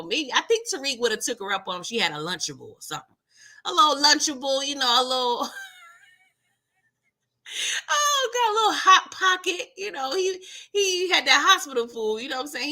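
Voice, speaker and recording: A woman hosting a casual TV episode recap, playful and animated, laughing often and acting out the characters' lines. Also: fairly high pitch. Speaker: TV recap host.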